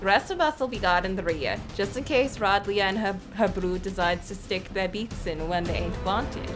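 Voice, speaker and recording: A woman's voice: mid-range voice, moderate pace, music in the background, natural voice. A woman reading the lines of a swaggering pirate captain, using folksy pirate slang in a coaxing way.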